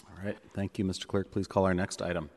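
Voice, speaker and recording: A man chairing a public board meeting in a relaxed way, with a few fillers. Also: sits low, fast. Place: city hall chamber. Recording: long reverb of a hall.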